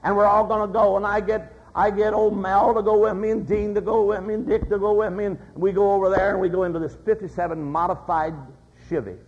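A man's voice: sits high, fairly even intonation, fairly quick. An older man preaching a sermon, telling folksy stories and acting out their voices. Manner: folksy storytelling with voiced anecdotes. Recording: dull lo-fi recording.

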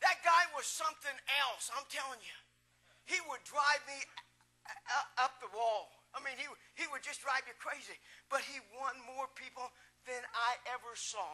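A man preaching a sermon in an animated storytelling way, acting out the people in his stories. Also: very high-pitched, normal speed. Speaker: pastor.

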